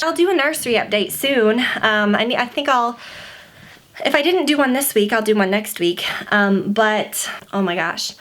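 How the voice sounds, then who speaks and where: A woman's voice: a little high, animated, normal speed, fairly bright tone. A pregnant woman in her twenties giving a casual, gushing vlog update at home, near tears and full of fillers. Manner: chatty, gushing, many fillers. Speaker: beauty vlogger.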